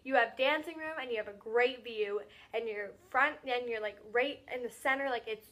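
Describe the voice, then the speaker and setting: Gushing young woman with a bright voice. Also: fairly high pitch. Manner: gushing, fast, filler-heavy with lots of "like". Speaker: vlogger. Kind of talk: excited casual recap.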